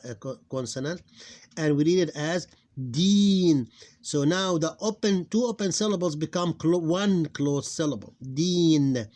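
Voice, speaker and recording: Hesitant man teaching phonics, fairly high voice. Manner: hesitant, many fillers, slows down to sound out words. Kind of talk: explaining a lesson on screen.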